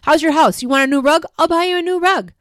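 A woman voicing a loud woman shopper who rants and mocks complaining parents. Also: sits high, fast talker, dry recording, studio quality, pitched above the performer's own voice. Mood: ranting. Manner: shouting, mocking rant.

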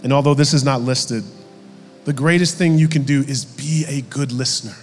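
A man preaching a sermon from the pulpit, lively when acting out quotes and dropping low and soft for the somber stretches. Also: moderate pace, big-room sound, soft background music. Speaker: pastor. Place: church sanctuary.

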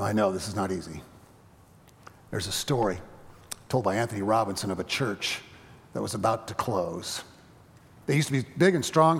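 A middle-aged man preaching a sermon as pastor, swelling loud and then dropping quiet. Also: medium pitch. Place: church sanctuary. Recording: long reverb of a church sanctuary.

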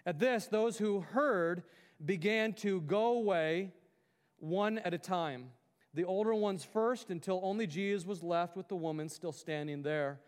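A man's voice: sits high, a little slow, clean tone, long reverb tail. A man preaching a sermon as pastor, earnest and exhorting, with many rhetorical questions to the congregation.

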